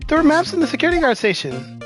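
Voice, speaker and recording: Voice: high voice, wildly swooping pitch, very fast, over music, pitched above the performer's own voice. A streamer doing a chirpy young sidekick girl.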